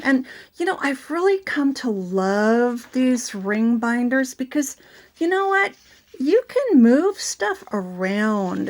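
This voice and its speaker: Slow-talking raspy woman crafter. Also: fairly high pitch. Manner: slow, chatty, with many fillers. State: raspy, sore throat after illness. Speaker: crafting channel host. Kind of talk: casual show-and-tell craft video.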